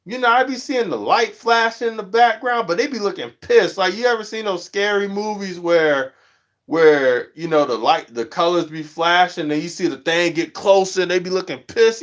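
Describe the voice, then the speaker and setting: Slangy man chatting on a livestream. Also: normal speed. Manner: animated storytelling, jumps high when quoting others; slangy, says "you know what I'm saying" often. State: stuffy nose from allergies. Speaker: livestream host. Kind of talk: casual livestream chat.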